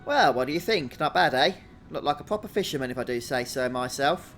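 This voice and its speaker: A man's voice: medium pitch, expressive, a little fast, fairly bright tone, faint music behind. A man voicing a folksy older male villager from a video game who calls the listener boy.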